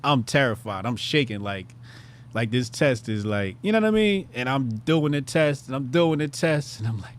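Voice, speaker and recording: A man in his thirties hosting his show, telling a casual story with profanity and sudden loud, excited bursts. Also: on the high side, fairly quick. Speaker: show host.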